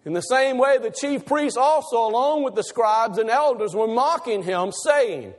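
Male preacher, very high voice, emphatic delivery with slow repeated lines. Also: lively intonation. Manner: emphatic, asks the congregation questions, repeats key lines slowly. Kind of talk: sermon.

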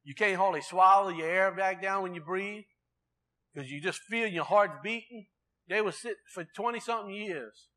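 A man's voice: high-pitched, normal speed, sharp tone. A man preaching a sermon in a conversational way, asking the congregation rhetorical questions.

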